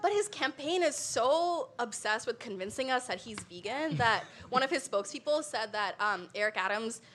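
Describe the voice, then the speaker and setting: A young adult woman delivering an animated comedic talk to a live audience, laughing often between lines. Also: fairly high pitch, normal speed. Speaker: comedy show guest.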